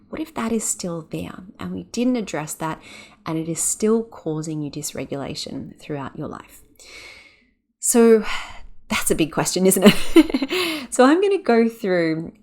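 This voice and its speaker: A woman hosting a podcast who speaks with gentle, soothing guidance, leading a breathing exercise and talking with lively energy between exercises. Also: mid-range voice. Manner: gentle, soothing, unhurried guiding; animated and quick when excited. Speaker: podcast host and yoga teacher. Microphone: podcast microphone.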